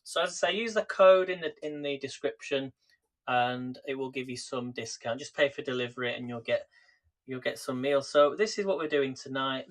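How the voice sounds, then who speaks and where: A man talks at a moderate pace and medium pitch while hosting a live cooking stream. Recorded in his home kitchen on a tripod camera, he keeps the chat casual and greets viewers by name.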